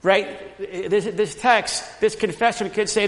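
A man preaching a sermon, teaching through a scripture passage and building to emphatic, loud repetitions. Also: high voice, a little slow, hardly any pauses, long reverb tail. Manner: emphatic preaching, rising loud on repeated phrases. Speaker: pastor.

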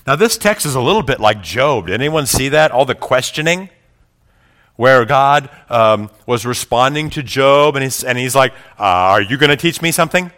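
Pastor guy giving a sermon, bright forceful voice, goes big then gets real quiet. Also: medium pitch, lively intonation, moderate pace. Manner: builds to loud climaxes quoting speeches; drops quiet and reflective between points.

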